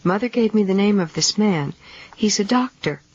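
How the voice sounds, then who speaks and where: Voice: mid-range voice, expressive, normal speed, breathy edge, dry recording, pitched above the performer's own voice. A reader voicing a frightened adult housewife who pleads in a raised, strained voice. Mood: pleading. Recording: dull lo-fi 1970s audiobook tape.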